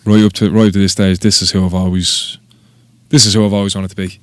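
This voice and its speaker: Irish guy, low voice, rambles and swears a lot, dry close sound. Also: flat delivery, fast talker, dry recording. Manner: rambling, sweary, self-mocking. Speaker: tattoo artist guest. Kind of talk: casual podcast conversation.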